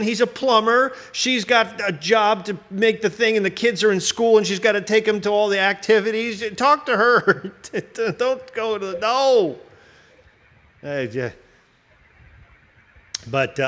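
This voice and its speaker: A man's voice: high-pitched, fairly bright tone. A man hosting a casual chat, riffing in a rambling, profane way and laughing often. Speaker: host.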